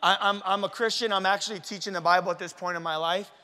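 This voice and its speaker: A man's voice: high-pitched, steady tone, quick pace, sharp tone, long reverb tail. A man giving a storytelling sermon at a conference. He talks in a casual, slangy way and acts out his own quoted words. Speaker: conference speaker.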